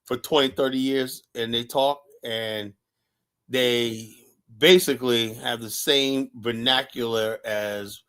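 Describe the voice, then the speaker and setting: A man hosting a podcast in casual, rambling chat, with a mid-pitched voice. He swears freely and goes off on tangents as he tells his stories. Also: slow pace, clear, resonant tone. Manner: rambling, animated storytelling with swearing. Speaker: podcast host.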